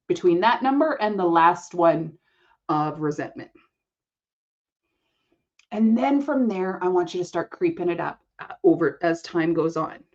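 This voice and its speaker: Woman host, coaching monologue; firm, matter-of-fact delivery at a middle pitch, slightly dull recording. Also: darkish tone. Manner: direct, matter-of-fact, talks to the listener as "you". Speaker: podcast host and business coach.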